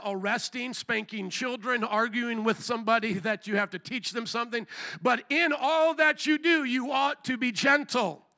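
A male pastor with a very high, sharp, bright voice, preaching a fervent sermon during a church service. He hammers his points through repetition and rhetorical questions.

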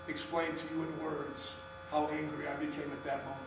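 A man's voice: a little high, level tone, fairly quick, hardly any pauses. A man preaching a sermon as pastor, telling a personal story and calling on the congregation to respond. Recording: echoey hall from far off, mains hum.

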